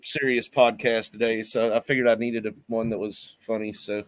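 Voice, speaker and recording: A man guesting on a stream, telling stories in a relaxed, plain-spoken way. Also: on the low side, moderate pace, dry recording. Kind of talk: casual chat.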